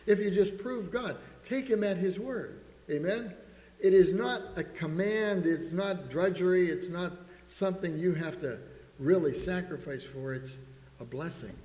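A man's voice: high-pitched, a little slow, dark tone. A man preaching a sermon to a church congregation, calling out for amens and quoting King James scripture. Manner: calls for amens and quotes scripture in old King James wording. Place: church sanctuary. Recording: echoey church hall reverb.

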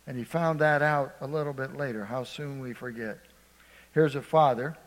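A man's voice: medium pitch, steady tone, moderate pace, in a large hall, poor audio. A man preaching a sermon, telling a folksy story, acting out voices and calling on the congregation for amens. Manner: storytelling, acts out voices, asks congregation for response.

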